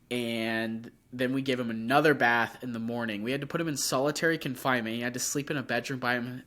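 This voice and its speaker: A young man, sick with a sore throat, co-hosting a podcast and telling an animated story in casual chat, acting out his own reactions. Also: mid-range voice. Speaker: podcast co-host.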